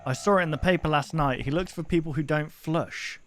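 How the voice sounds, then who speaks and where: A man voicing a male customer in a game who passes on a warning, read quickly in a lowered voice. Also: fairly bright tone, lightly acted. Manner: reads the lines quickly in a lowered voice.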